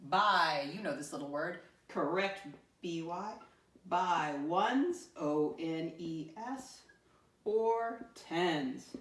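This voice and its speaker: A woman teacher talking a lesson for young children in an animated, sing-song way, slowing down to spell words letter by letter. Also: on the low side, roomy sound.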